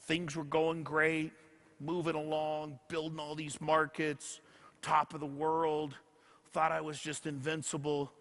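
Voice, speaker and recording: Bright high-voiced man in an echoey hall. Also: monotone, unhurried. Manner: storytelling, acting out quoted dialogue. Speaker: motivational speaker. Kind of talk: motivational speech to an audience.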